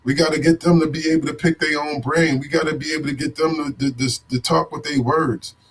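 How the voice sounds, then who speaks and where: A man's voice: fairly high pitch, steady tone, fairly quick, husky. A man in AAVE giving an unscripted motivational talk as a vlogger, preachy and repetitive, with profanity and street slang.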